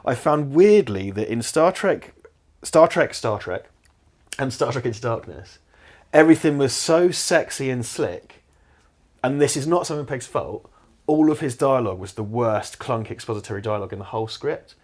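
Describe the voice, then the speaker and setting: A young man co-hosting a casual film commentary, animated and opinionated, swearing freely. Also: mid-range voice, moderate pace. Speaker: podcast co-host.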